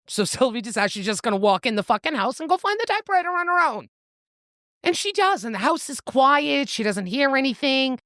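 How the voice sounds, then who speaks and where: A woman's voice: high-pitched, sing-song, fairly quick, fairly bright tone, no echo, clean studio sound. A woman co-hosting a book podcast, casually retelling a novel's plot in a playful, swearing, storytelling way.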